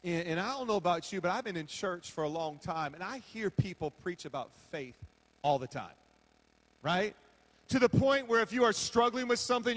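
Man, pastor, sermon, humorous storytelling, high voice, big reverberant hall. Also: expressive, normal speed, fairly bright tone. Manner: humorous storytelling, acting out his own reactions. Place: large hall with a podium.

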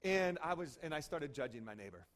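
A man's voice: fairly high pitch, fairly quick. A man who is a pastor, preaching in a conversational way, telling stories with many "okay?" and "right?" asides. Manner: animated storyteller, frequent "okay?" and "right?" asides. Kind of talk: conversational sermon with acted-out stories.

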